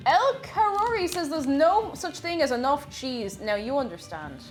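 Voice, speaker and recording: A woman's voice: high voice, animated, normal speed, soft background music. A young woman chatting on a baking live stream, greeting viewers one by one and laughing often.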